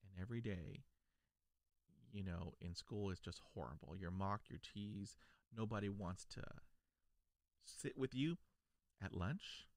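Speaking at a measured pace in a fairly low voice, a South Texas video creator shares his personal story to camera in an earnest, reflective way. He stutters, repeating words and breaking off starts, and pauses often. The recording is dry and clean, with studio sound.

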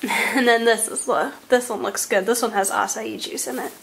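A woman vlogging on a handheld camera, chatty and laughing often, her voice hoarse from a cold. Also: a little high, steady tone, normal speed, a bit bright, slight background noise, low-quality recording. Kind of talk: casual travel vlog.

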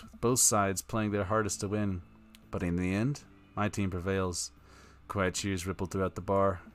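A man's voice: low voice, a little hiss or hum. A man streaming live, reading a text adventure aloud in a casual tone with wry asides.

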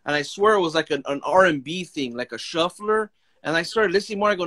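Male DJ co-host, casual and laid-back, keen, slightly high voice. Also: quick pace, a bit bright. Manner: laid-back, enthusiastic storytelling. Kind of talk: casual chat.

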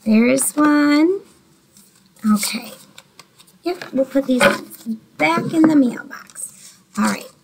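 A woman teacher giving a slow, patient, encouraging early reading lesson, talking to young children by name. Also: high-pitched, gravelly, noisy background.

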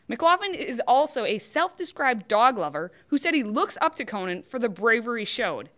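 Woman doing snarky political commentary, bright voice, bouncy pitch. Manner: sarcastic, mocking asides. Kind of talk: scripted commentary.

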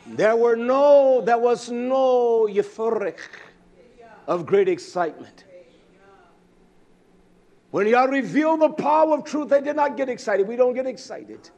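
A male preacher delivering a fiery sermon, swinging between low drawn-out phrases and shouted lines. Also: expressive. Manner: chants and sings repeated words.

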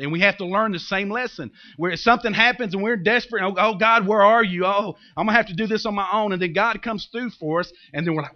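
A man preaching a sermon as pastor, in a lively, conversational way with humor and acted-out asides, recorded in a church. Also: fairly high pitch, muffled recording.

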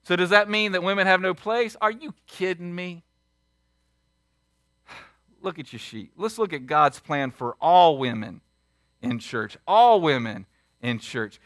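A man preaching a sermon as pastor, emphatic and full of rhetorical questions, swinging between loud and hushed. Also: sits high, measured pace, pauses often, no room sound, studio quality. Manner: asks the congregation many rhetorical questions. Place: church sanctuary.

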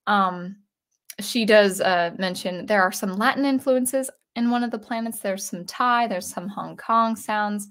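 A woman's voice: medium pitch, unhurried. A woman composer hosting a video, ranting casually and rambling as she thinks aloud. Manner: rambling, self-interrupting, animated. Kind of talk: casual rant vlog.

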